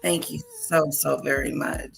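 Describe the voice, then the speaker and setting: A woman's voice: sits low, fairly even intonation, a little slow, vocal fry, faint music behind. A woman hosting a casual livestream, chatting to viewers and repeating greetings to them. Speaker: livestream host. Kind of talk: casual live-stream chat.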